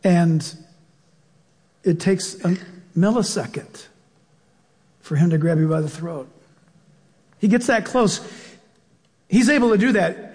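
A pastor preaching a sermon in an animated way, acting out voices and laughing as he goes. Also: high voice, slow pace, pauses often, slightly rough, long reverb tail. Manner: animated, acts out voices and laughs mid-sentence.

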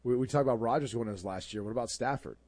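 Mellow guy breaking down football stuff on a talk show, sure of himself. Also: medium pitch, rapid-fire, no echo. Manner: confident, analytical opinions. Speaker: sports talk co-host. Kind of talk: casual sports talk.

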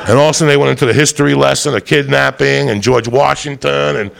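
A man with a deeply gravelly, fry-laden voice at a middling pitch tells a long story, swearing freely. He is animated, and his voice jumps up into loud put-on voices whenever he quotes someone. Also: quick pace. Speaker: comedian telling a story. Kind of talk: profane storytelling monologue.

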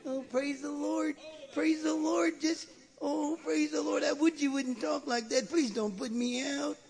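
A man's voice: very high voice, fairly even intonation, unhurried, vocal fry, darkish tone, voice pushed up, full character voice, rough recording. A man voicing a whining male demon who pleads and cries not to be cast out of church. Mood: pleading. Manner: begging, crying.

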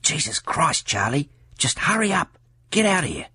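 A man's voice: on the high side, big pitch swings, moderate pace, breathy edge, no echo, studio quality, pitched above the performer's own voice, exaggerated voice. A man voicing an urgent teenage boy who whispers through a window in an audiobook reading. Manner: hushed, pressing whisper.

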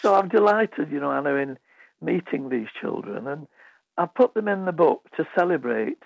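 A man's voice: a little high, animated, normal speed, vocal fry, no echo. A man telling funny anecdotes as a radio guest, acting out the voices of children and teachers. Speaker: author guest. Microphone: phone line. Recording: tinny phone line, dry.

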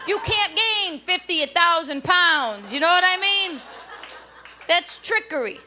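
A woman doing a stand-up comedy routine on a club stage with a handheld mic, brash and loud with punchy delivery. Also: extremely high pitch, lively intonation, measured pace, a little hiss or hum.

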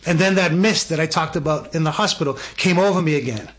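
Telling a personal story in a relaxed chat, this middle-aged man speaks earnestly and with emphasis, livening up when quoting others. He talks fast in a fairly high voice.

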